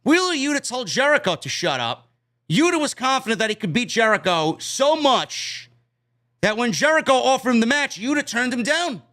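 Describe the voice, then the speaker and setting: A man's voice: very high voice, very animated, moderate pace, bright, forceful tone. A man with a New York accent giving a loose, chatty recap of a wrestling show, with fillers and casual swearing.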